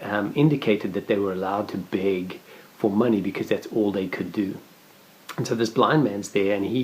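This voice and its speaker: A man's voice: lowish voice, darkish tone. A man preaching a conversational devotional message in an earnest way, often restarting and repeating his words.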